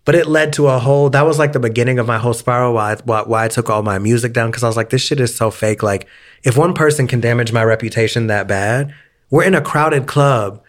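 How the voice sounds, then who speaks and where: A man's voice: mid-range voice, fast talker. A young man co-hosting a podcast, telling a story in casual chat, dramatic and profane, acting out the voices of the people he quotes. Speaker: podcast co-host.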